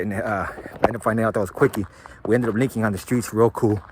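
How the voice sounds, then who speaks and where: Over a faint hiss or hum, a man with a lowish voice fires off a personal story at a rapid clip. He's from the San Gabriel Valley in California, and his monologue is casual, rambling, and packed with slang and swearing.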